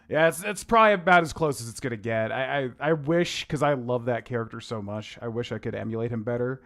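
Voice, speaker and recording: Game music plays behind a young man streaming gameplay in a mid-range, somewhat bright voice, speaking quickly with few pauses. He chats and rambles casually, humming and scatting to himself as he moves between thoughts.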